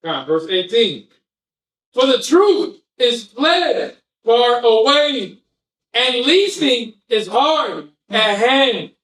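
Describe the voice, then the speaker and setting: A man reading scripture aloud in a slow, measured way. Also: extremely high pitch, lively intonation, fairly bright tone. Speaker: scripture reader. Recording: echoey room, far from mic.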